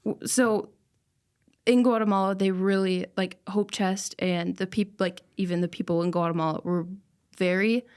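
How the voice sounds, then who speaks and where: Young adult woman, casual podcast guest, earnest and emotional storyteller, middle pitch. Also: steady tone, moderate pace, smooth. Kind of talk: casual chat, personal story.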